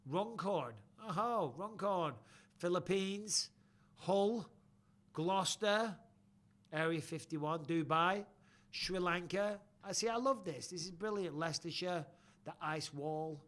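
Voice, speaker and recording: Brief: middle-aged man hosting a live chat, bright and slightly high voice, sweary and lively. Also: slow. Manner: lively, sweary, blokey banter. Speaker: host. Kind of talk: live chat shout-outs.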